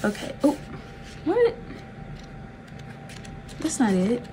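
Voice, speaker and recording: A woman's voice: mid-range voice, normal speed, background noise. A woman from the South, giving a chatty, laid-back tarot reading with frequent giggles. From Southern United States. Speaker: tarot reader.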